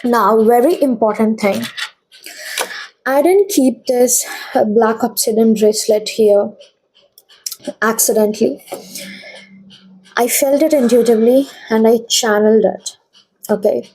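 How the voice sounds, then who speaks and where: Tarot reader, young woman, higher mellow voice, chatty, keeps checking in. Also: unhurried, long pauses, breathy edge, rough recording. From India. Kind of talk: casual tarot reading to viewers.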